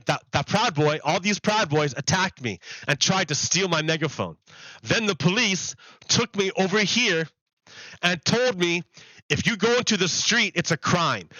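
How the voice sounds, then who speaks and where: A man's voice: sits high, pushed and bright, no echo, rough recording. A man livestreaming, telling a story in a rambling way, repeating himself and laughing at how absurd it was. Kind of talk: casual storytelling to stream viewers.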